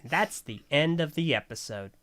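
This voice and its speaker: A man's voice: fairly high pitch, animated, moderate pace, fairly bright tone. This is a man hosting a casual podcast. He recaps a cartoon episode in a sarcastic, joking way and keeps interrupting himself. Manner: jokey, sarcastic. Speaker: podcast host.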